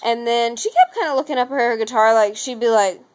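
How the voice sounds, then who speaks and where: High-voiced teen girl rambling excitedly about a concert from her room. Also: fast, rough recording. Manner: gushing, rambling, says anyways a lot. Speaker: vlogger. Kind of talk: excited casual vlog story.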